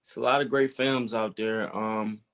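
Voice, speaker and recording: A man's voice: on the low side, steady tone, normal speed. A man from Georgia in the US, a musician answering interview questions hesitantly with many fillers. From Georgia, USA. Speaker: musician guest. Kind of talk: casual interview.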